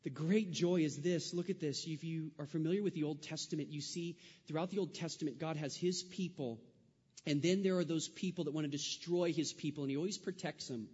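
A male pastor from California preaches in a church sanctuary, his voice a touch higher than most men's. He tells stories with animated asides, then slows into emphatic preaching. The sound is a little muffled and carries a long hall reverb. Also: slightly rough. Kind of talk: sermon.

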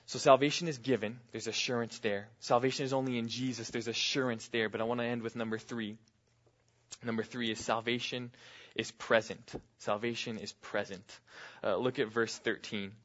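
A man's voice: medium pitch, steady tone, moderate pace, a bit bright. Earnest preaching man, dull lo-fi sound. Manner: earnest preaching, repeats key phrases, rises and drops in volume. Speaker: pastor. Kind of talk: sermon.

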